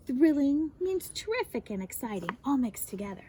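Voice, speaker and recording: A woman, a teacher, reading a picture book aloud to children in an animated way, stopping to explain the fancy words. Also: high voice, normal speed, husky, poor audio.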